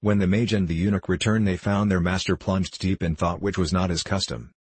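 A man narrating a classic tale as an audiobook in a measured, even storytelling manner. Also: low-pitched, breathy edge, no echo.

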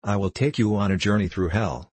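A blunt, cutting young agitator, read aloud by a man in an audiobook. His voice sits very low and carries a husky edge. The recording is dry and close. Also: brisk, darkish tone, no room sound. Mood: stern. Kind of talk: audiobook character reading.

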